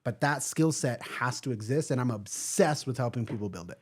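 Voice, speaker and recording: A man's voice: medium pitch, lively intonation, fairly quick, breathy edge. A man talking as a podcast guest, who speaks emphatically and repeats key words for weight. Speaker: guest, event organizer. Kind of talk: casual podcast interview.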